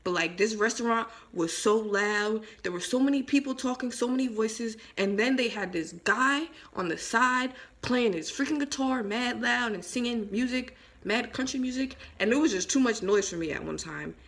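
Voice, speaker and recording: A woman's voice: fairly high pitch, normal speed, hardly any pauses, fairly bright tone. Young woman rambling through a storytime vlog. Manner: rambling, emphatic, lots of "like" and "seriously". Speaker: vlogger. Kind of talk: casual storytime chat. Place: at home.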